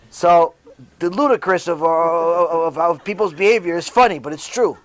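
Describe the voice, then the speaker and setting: High-voiced man preaching emphatically. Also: moderate pace. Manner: emphatic, repeats key phrases, storytelling. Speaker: rabbi. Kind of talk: informal sermon.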